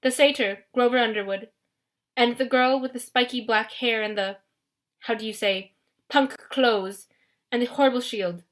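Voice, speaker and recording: A woman's voice: a little high, normal speed, a bit bright, natural voice. A woman voicing a cruel, scheming male villain with a French accent in an audiobook, fawning and sneering.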